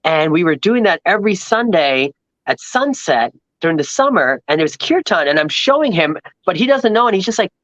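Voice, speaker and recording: A man from Long Island, telling a rambling, animated travel story as a podcast guest and acting out the people he met. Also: high voice, fairly quick, dry recording, dull audio. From New York, Long Island. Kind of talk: casual storytelling chat.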